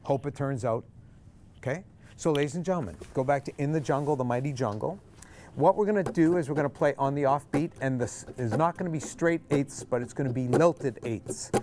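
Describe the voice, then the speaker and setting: A man's voice: medium pitch, brisk, slight background noise. A man teaching a group ukulele class, counting beats aloud, calling chords and quizzing the students. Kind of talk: group music lesson. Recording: loud ukulele strumming behind.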